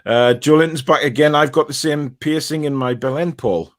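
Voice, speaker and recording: A man's voice: a little high, moderate pace. A man hosting a football podcast, reading viewer comments aloud and teasing his co-hosts in casual banter.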